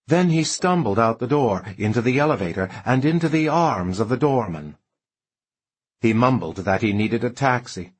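A man narrates an audiobook in a husky, mid-pitched voice. He reads expressively, lingering over rich descriptions and letting the phrasing rise and slow. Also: expressive.

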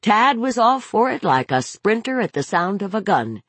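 A woman narrating a novel as an audiobook, in a measured, expressive storytelling manner. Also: medium pitch, no room sound. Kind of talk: scripted narration.

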